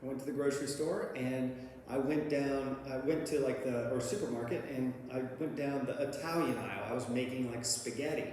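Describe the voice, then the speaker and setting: A man's voice: mid-range voice, fairly even intonation, fairly quick, a little mellow, a little hiss or hum. Man rambling in a very echoey hall. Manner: rambling, many fillers and restarts, laughs at his own story. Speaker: speaker sharing a recovery story. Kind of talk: casual storytelling talk. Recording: very echoey hall with long reverb.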